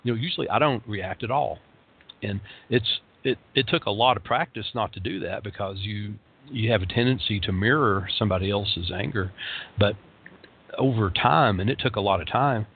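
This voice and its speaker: Low gravelly man in his fifties. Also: normal speed. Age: 50s. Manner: rambling, dry humor, many fillers. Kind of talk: casual spoken talk. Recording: tinny phone-like lo-fi sound.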